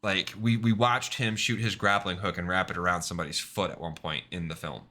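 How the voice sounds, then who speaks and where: Brief: male streamer, bright, tense-edged tone, casual rambling chat full of fillers. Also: low-pitched, steady tone, a little fast. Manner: rambling, many fillers and tag questions.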